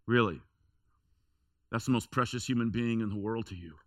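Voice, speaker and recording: A man's voice: on the low side, normal speed, fairly bright tone, no echo, studio quality. A man preaching a sermon in a church, telling a personal story in a conversational way with emphatic repetition. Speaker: pastor.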